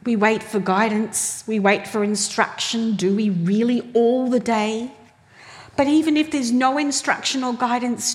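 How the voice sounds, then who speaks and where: A woman's voice: a little high, fairly even intonation, a little slow. A woman preaching a sermon, telling stories animatedly and acting out the voices she quotes. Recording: long hall reverb.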